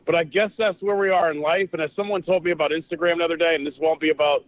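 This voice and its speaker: A man's voice: a little high, fairly even intonation, very fast. A man co-hosting a podcast, chatting in a rambling, conversational way with jokey asides. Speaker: podcast co-host. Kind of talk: casual chat. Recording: dry, tinny phone-like line.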